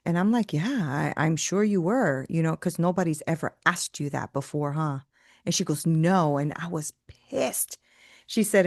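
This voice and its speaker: This is a woman faith coach on a podcast, low-voiced for her sex and recorded very dry and close. She tells stories with preachy emphasis, tags her points with "right?" and swings her pitch wide when she acts out other people. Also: moderate pace, gravelly, a little mellow, no room sound. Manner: acts out quoted voices with big pitch jumps. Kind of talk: storytelling faith talk.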